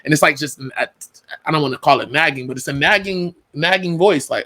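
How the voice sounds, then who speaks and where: A man's voice: a little high, fairly quick. A young man hosting a casual faith-based talk about marriage, telling stories animatedly and acting out the dialogue. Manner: animated storytelling, acts out dialogue. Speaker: podcast host.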